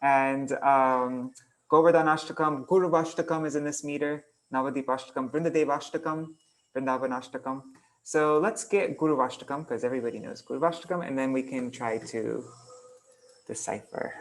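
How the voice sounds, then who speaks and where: A man's voice: mid-range voice, steady tone, moderate pace. A man teaching an online class, casually thinking aloud as he works on screen and chanting out syllable patterns. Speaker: kirtan teacher. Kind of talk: online class explaining verse meter.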